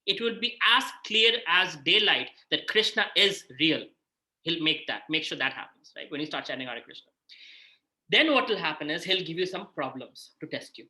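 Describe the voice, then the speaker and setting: A man's voice: fairly high pitch, normal speed, rough recording. A man with an Indian English accent giving an informal scripture talk, telling stories and acting out the voices of people in them. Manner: animated storytelling, acts out quoted voices. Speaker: spiritual teacher.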